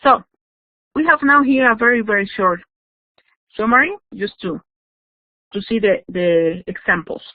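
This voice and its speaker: A woman's voice: mid-range voice, a little slow, pauses often, no echo. A woman teaching English grammar in an online class, explaining patiently and checking in with "yes?". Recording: dry, tinny phone-like audio.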